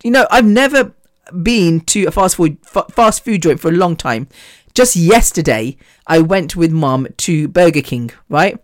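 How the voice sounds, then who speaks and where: A woman's voice: fairly low pitch, expressive, unhurried, no room sound, clean studio sound. A woman hosting a solo podcast, telling rambling, scatterbrained stories in a chatty way. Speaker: podcast host.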